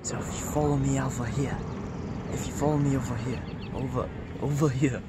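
A young man putting on a wildlife presenter with a deliberately bad mock Australian accent, outdoors on a berry farm. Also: medium pitch, steady tone, over loud music, close to an everyday voice. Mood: coaxing. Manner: hammy, eager nature-documentary patter. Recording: loud outdoor background noise.

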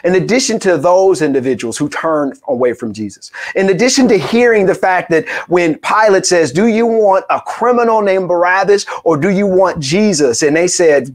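A male pastor preaching with a high, lifted voice. He tells stories with animation and acts out each quoted voice. He sounds like he is speaking from a church pulpit. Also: animated, normal speed, hardly any pauses. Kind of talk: sermon.

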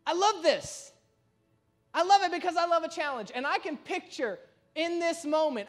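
A male pastor delivering a sermon in a notably high voice. He tells the story in an animated way, acting out the quoted speakers with sudden shifts in loudness and pitch.

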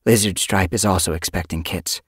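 A man's voice: sits low, steady tone, moderate pace, breathy edge, no echo, studio quality. A man voicing a young female medicine cat, speaking with strained emotion and pleading. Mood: resolute.

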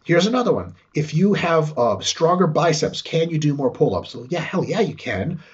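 A man talking as a guest expert in a casual, profane, animated way, acting out quotes as he explains. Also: fairly high pitch, normal speed, breathy edge. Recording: dull lo-fi sound.

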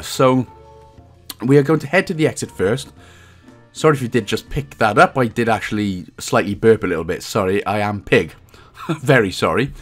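A man with a Welsh accent giving casual game walkthrough commentary, jokey and self-deprecating and swearing freely. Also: mid-range voice. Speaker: gaming guide host.

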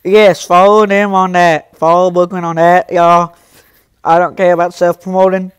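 High-voiced young man scolding his chat. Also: level tone, normal speed, clear, resonant tone, no room sound, studio quality. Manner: talks back to chat, scolding and joking. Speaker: livestreamer. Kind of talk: casual live stream chat.

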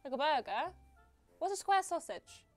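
Brief: young woman, female streamer, higher voice, rambling playful game chat, light music under. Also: sing-song, normal speed. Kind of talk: live game commentary, chatting with viewers.

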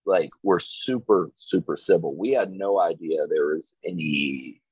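A low, husky man tells his stories in an easygoing ramble, leaning on "like" and "you know" as he goes. He is from Virginia and talks like a guest on a casual podcast. The recording is dry and a little dull. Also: measured pace, darkish tone, dry recording. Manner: laid-back storytelling, frequent "like" and "you know". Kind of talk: casual chat.

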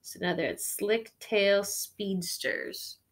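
A woman teacher reading a picture book aloud to students and pausing to ask them gentle questions. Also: mid-range voice.

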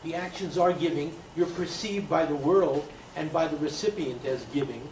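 A man in a lecture audience makes a halting point from the floor. His fairly high voice is far from the mic in an echoey room with a faint hiss. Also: a little mellow. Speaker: audience member. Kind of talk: question from the floor.

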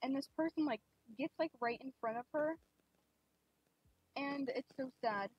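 A young woman streaming a game, chatting casually and rambling with lots of fillers, gushing excitedly at times. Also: high-pitched, measured pace, a little hiss or hum. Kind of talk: casual live-stream chat. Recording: dull lo-fi stream mic.

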